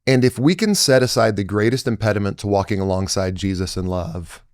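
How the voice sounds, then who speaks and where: A man with a slightly low voice talks as a guest on a podcast. He tells his stories earnestly and with emphasis, often restarting his sentences. The sound is dry, with no room echo. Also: a little fast, smooth. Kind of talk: conversational storytelling.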